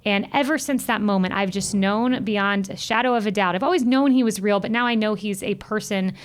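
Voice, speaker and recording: Speaking briskly at a medium pitch, a thirtysomething woman tells personal stories as a guest in an interview. She recounts them in an animated way, sounding earnest and heartfelt.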